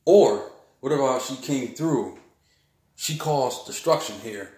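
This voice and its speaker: A man's voice: medium pitch, expressive, slow, darkish tone, roomy sound. A man, rambling through a heated spiritual monologue, repeating himself and ending his lines with "man". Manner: heated, repetitive, keeps saying "man" and "bull crap".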